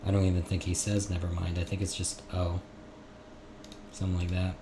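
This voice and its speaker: A man giving quiet, casual commentary while playing a video game, mostly talking to himself. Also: low-pitched, completely flat delivery, very fast, background noise. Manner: quiet, mumbled asides to himself. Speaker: gamer, video host. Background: game music.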